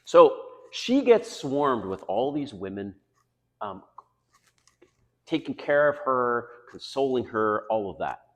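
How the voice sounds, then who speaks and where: A middle-aged man giving dating advice in a casual monologue, blunt and confessional, swinging between loud emphatic stretches and quiet asides. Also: mid-range voice, sing-song, slow pace, in a large hall.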